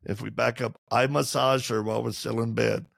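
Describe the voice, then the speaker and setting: A man with a very gravelly, husky voice tells candid stories as an interview guest, lively and humorous. He slips into other voices for the people he quotes. The sound is close and dry. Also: mid-range voice, brisk, no room sound. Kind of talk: animated storytelling in conversation.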